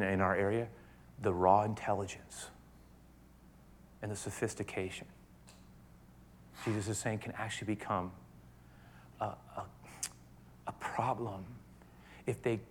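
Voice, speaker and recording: A man's voice: lowish voice, a little hiss or hum. Emphatic male preacher. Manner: emphatic, swings from loud to soft and hushed; repeats and restarts words. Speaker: pastor. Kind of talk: sermon.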